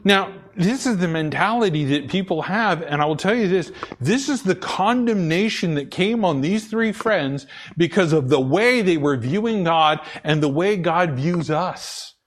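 A man's voice: high voice, animated, measured pace, few pauses. A man preaching a sermon, repeating key phrases for emphasis and often stumbling and restarting. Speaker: pastor.

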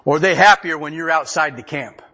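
A man's voice: a little high, fairly quick, sharp tone. A man preaching a conversational sermon, folksy and chuckling often as he reads scripture aloud. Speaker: pastor.

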